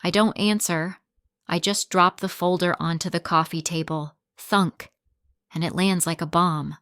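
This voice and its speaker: A woman narrating a dark first-person story in a tense, dramatic way. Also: lowish voice, fairly even intonation, measured pace, smooth, no echo.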